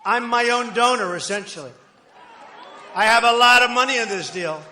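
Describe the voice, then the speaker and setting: A very high-pitched, bright and forceful voice speaks at a moderate pace, with a little hiss or hum on the recording. It's a political candidate at a rally in a large hall, bragging, repeating himself and wandering into asides amid long echoing reverb.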